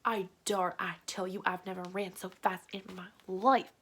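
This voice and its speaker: A woman's voice: mid-range voice, steady tone, normal speed, husky. A young adult woman telling a story on her vlog in a chatty, filler-heavy way, often breaking into laughter. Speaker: vlogger.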